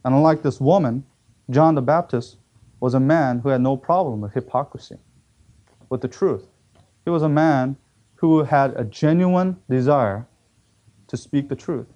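A man's voice: mid-range voice, a little slow, pauses often, dark tone, muffled recording. A man preaching a sermon, telling a story with acted quotes and emphatic repetition.

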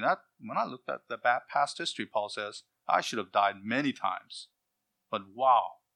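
A man preaching a sermon, reading scripture aloud and explaining it, slowing down to stress key words. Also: medium pitch, vocal fry, pushed and bright. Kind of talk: expository sermon.

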